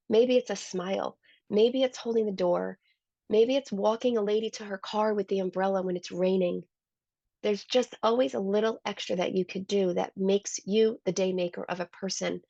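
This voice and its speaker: Gravelly-voiced woman telling earnest stories. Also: medium pitch, warm tone, dry recording. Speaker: salon owner and guest. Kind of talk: conversational interview storytelling. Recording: dull, lo-fi dry sound.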